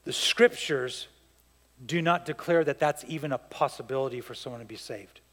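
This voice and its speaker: A man's voice: mid-range voice, normal speed, a bit bright, long reverb tail. A man preaching a sermon as pastor, telling a story and acting out the voices of the people in it with emphasis.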